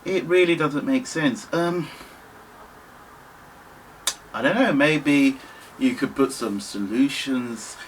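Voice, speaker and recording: A British man in his fifties, giving an earnest, impassioned monologue to camera, halting often and restarting his sentences. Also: medium pitch, a little hiss or hum, poor audio. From United Kingdom, Nigerian family. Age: 50s. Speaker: vlogger.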